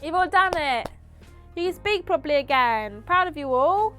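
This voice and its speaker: Woman doing a bad put-on accent for a mock speech-coach read: high, bouncy, emphatic. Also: expressive, normal speed, faint music behind. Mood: mock-earnest. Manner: loud, emphatic mock-instructional reading.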